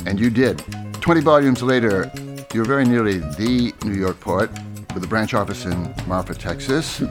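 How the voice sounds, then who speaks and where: A man hosting a literary interview, asking lively, articulate questions. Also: on the low side. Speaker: interviewer, host.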